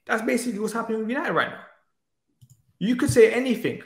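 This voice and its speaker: A man's voice: high voice, quick pace. Exasperated man in an echoey room. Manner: exasperated, insistent, talks over the other man. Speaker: debate guest. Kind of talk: heated football debate.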